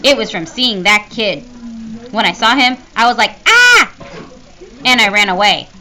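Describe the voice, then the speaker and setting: A woman voicing a small second-grade boy who talks in a high, whining way. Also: normal speed, bright, forceful tone, slight background noise, lightly acted. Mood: excited.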